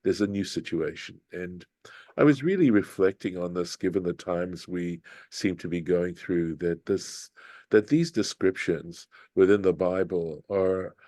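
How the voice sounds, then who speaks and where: A rabbi in his later years leads an unhurried scripture study, thinking aloud and circling back to rephrase. His voice sits very low and mellow. It is recorded close and dry. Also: no room sound. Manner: thoughtful, unhurried, reflective with many restarts. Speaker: rabbi teaching Torah study. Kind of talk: informal scripture lesson.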